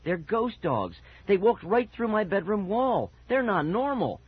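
An insistent, worked-up young boy, as a man narrating puts him on, pushing his voice higher and louder. The tone stays husky. The sound is dull and lo-fi. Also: very animated, unhurried, full character voice. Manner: urgent and insistent. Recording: dull lo-fi recording.

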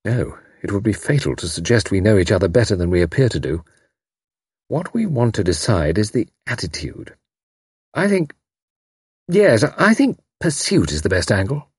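A man's voice: fairly low pitch, very animated, normal speed, breathy edge, no room sound. A man reading an audiobook, voicing a grave, sceptical young man spy with a dry, gloomy manner.

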